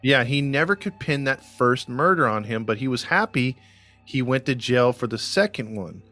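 A man's voice: mid-range voice, animated, normal speed, sharp tone, soft background music. A man co-hosting a casual true-crime podcast, telling the story with lots of fillers and restarts. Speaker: podcast co-host.

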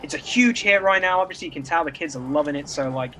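A chatty arcade owner, voiced by a man, upbeat and full of rambling patter. The voice sits a little higher than ordinary speech. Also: fast talker, pushed and bright. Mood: enthusiastic. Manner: enthusiastic, rambling salesman patter. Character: friendly chatty adult male arcade owner.

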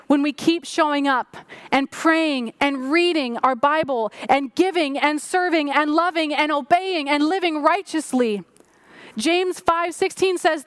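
A woman's voice: high-pitched, a bit bright, no echo. A woman pastor preaching a sermon, rising and falling for emphasis and slipping into prayer.

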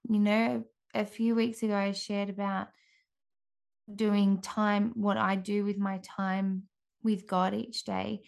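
A woman in her thirties, a mother, giving an earnest, gentle devotional talk with frequent restarts. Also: mid-range voice, level tone, slow pace, gravelly.

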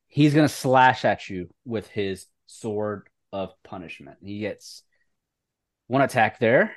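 A man's voice: lowish voice, lively intonation. A man running a tabletop game as game master, calling rolls and describing the action. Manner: brisk rules narration.

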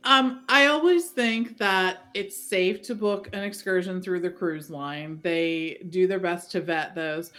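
A woman's voice: lowish voice, measured pace, few pauses, fairly bright tone. Friendly woman giving travel advice. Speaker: podcast co-host. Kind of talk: casual podcast chat.

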